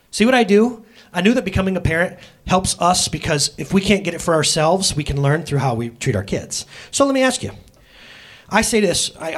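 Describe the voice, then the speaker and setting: A man preaching a sermon as a pastor, talking straight to his congregation in a conversational way, with jokey asides and quick self-corrections. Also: fairly high pitch, breathy edge.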